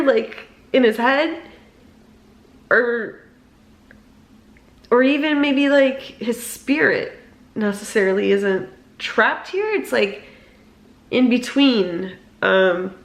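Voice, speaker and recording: Emotional young woman in an echoey room. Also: mid-range voice. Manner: emotional, rambling, many fillers. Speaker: vlogger. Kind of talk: personal vlog talking to camera.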